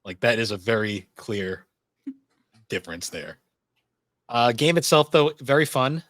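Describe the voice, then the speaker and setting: A man's voice: mid-range voice, lively intonation, a little slow, fairly bright tone, no echo. A man hosting a casual gaming podcast, talking steadily and reviewing games point by point. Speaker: podcast host.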